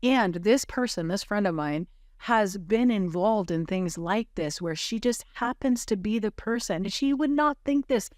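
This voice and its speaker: A woman on a podcast telling a moving personal story in an earnest, halting way, with many fillers and restarts. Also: mid-range voice, animated, dry recording, studio quality.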